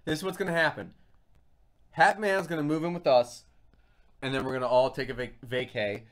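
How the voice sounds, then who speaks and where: A man's voice: mid-range voice, fairly even intonation, fairly quick, fairly bright tone. A man hosting a food review channel, chatting casually on a livestream and putting on silly voices when he quotes people.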